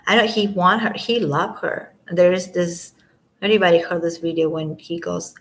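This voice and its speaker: Alone at home late at night, a woman rambles through casual commentary on her live stream, chatting to viewers and letting her sentences trail off softly. Her voice sits on the low side and moves at a moderate pace. The camera mic gives a low-quality recording.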